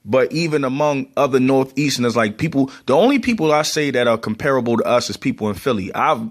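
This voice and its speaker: A man's voice: mid-range voice, animated, fast. A man from Baltimore with a heavy Baltimore accent, talking casually to camera with plenty of ums and restarts. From Baltimore, USA. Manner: conversational, many ums and repeated words. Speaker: vlogger.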